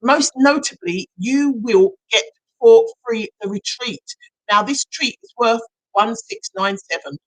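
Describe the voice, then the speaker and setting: High-voiced chatty woman. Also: measured pace, no room sound, low-quality recording. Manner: chatty, gushing, bursts into excited shouts. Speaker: hypnotherapist hosting a live prize draw. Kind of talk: casual live-stream chat.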